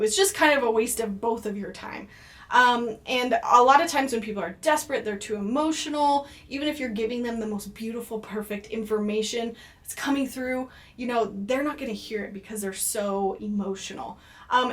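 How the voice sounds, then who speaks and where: Chatty woman with a high voice. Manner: chatty, with frequent ums and likes. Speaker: psychic reader giving advice. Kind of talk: casual advice talk to camera.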